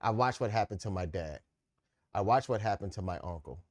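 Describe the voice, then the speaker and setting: Measured man co-host, dry sound. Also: lowish voice, lively intonation, darkish tone, no echo. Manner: measured, explanatory, playful exclamations. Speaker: podcast co-host. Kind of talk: casual opinion chat.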